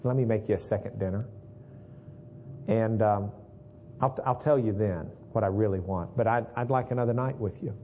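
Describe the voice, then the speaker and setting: A man voicing a shrewd, gracious queen with a soft, coaxing delivery, in a sermon retelling. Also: lowish voice, normal speed, long pauses, highs cut off, a little hiss or hum, voice pushed down, natural voice.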